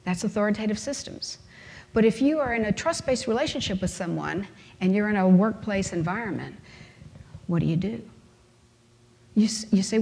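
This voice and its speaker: A woman's voice: medium pitch, lively intonation, normal speed, creaky, pauses often, darkish tone. A woman giving a conference lecture, talking emphatically with rhetorical questions and everyday examples. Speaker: conference speaker. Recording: long hall reverb.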